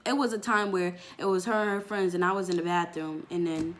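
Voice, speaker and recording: A young woman vlogger telling a story from her life in a casual, animated way, with lots of "like" and acted-out voices. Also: on the low side, brisk, slight background noise. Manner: animated storytelling, fillers with "like", acts out quoted voices.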